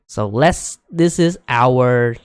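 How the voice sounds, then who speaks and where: A man giving a casual whiteboard lecture, full of fillers like "right?", growing excited as he explains. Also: mid-range voice, extremely slow, smooth, no echo. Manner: chatty, many fillers, rising excitement when explaining. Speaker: teacher.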